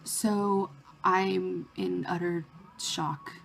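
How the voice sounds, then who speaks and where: A woman vlogger telling a story in a casual, excited way, with lots of "like" fillers. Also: lowish voice, extremely slow, gravelly, a little hiss or hum. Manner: excited retelling of a fan encounter, many "like" fillers.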